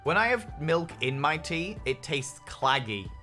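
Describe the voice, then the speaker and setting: A man's voice: on the high side, sing-song, measured pace, pushed and bright. A man streaming a game, chatting casually with viewers, upbeat and swearing freely. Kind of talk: casual chat while reading viewer messages. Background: faint lo-fi music.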